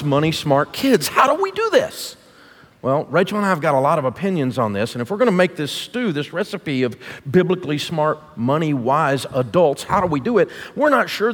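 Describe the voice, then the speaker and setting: A man's voice: sits high, fairly bright tone. Emphatic middle-aged man preaching in a hall. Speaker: guest speaker. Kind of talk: sermon. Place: large church auditorium. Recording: long hall reverb.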